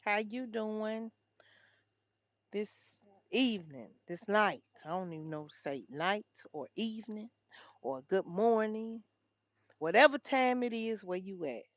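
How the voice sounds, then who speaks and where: A woman's voice: mid-range voice, expressive, unhurried, no echo. Woman livestream host, chatty, talks straight to her viewers, dull dry lo-fi sound. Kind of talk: casual livestream chat reading headlines.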